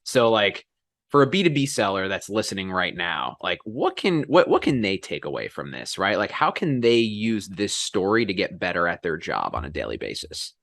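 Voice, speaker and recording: Low-voiced host who keeps asking "right?". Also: male voice, normal speed, creaky, no room sound. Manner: energetic, drops frequent "right?" checks. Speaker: podcast host. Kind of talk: casual conversational interview.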